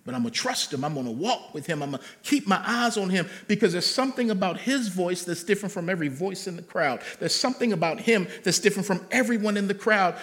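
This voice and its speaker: High-voiced man preaching a sermon. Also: expressive, fast, few pauses. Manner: emphatic preacher, swings from loud to soft. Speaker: pastor.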